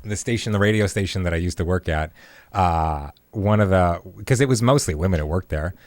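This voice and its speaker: A man in his thirties co-hosting a podcast, chatting casually with deadpan jokes. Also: deep voice, a little fast, no echo. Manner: joking, deadpan asides. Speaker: podcast co-host. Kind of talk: casual chat.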